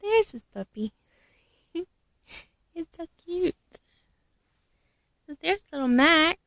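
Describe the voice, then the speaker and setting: A woman showing off her doll collection in a casual vlog, gushing and affectionate, with frequent soft laughs. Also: very high-pitched, very animated, slow pace, creaky, dry recording, studio quality. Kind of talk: casual show-and-tell vlog.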